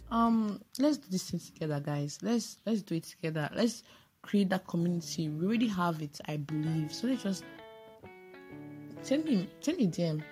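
A woman's voice: lowish voice, a little mellow. A woman hosting a casual solo podcast voice note, chatty and playful with self-mocking asides. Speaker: podcast host.

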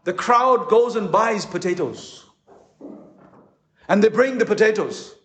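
A man preaching a conference sermon as a pastor, impassioned, with dramatic pauses. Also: high voice, lively intonation, a bit bright. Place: conference hall. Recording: echoey hall.

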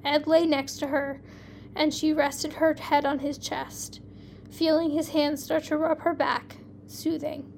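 A woman hosting a podcast, reading her fan fiction aloud in a plain, even storytelling way with small slips. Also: high-pitched, measured pace, a little hiss or hum.

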